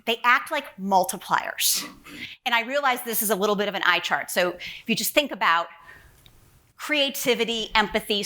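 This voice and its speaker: A woman presents from a conference stage in a bright, crisp voice. She speaks earnestly, posing rhetorical questions to the crowd as she builds her argument. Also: mid-range voice. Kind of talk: keynote presentation.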